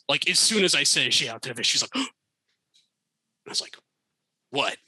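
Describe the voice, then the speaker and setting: An American man in middle age, a podcast guest telling funny stories in a casual, animated way with bursts of laughter. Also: mid-range voice, no room sound, rough recording. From United States. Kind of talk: casual storytelling.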